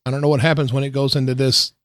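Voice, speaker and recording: A man's voice: medium pitch, little pitch movement, rapid-fire, dry recording, clean studio sound. A man from Louisville chatting casually on a podcast outdoors, telling stories with crude jokes. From Louisville, Kentucky. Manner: laid-back storyteller, crude jokes. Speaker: guest drummer.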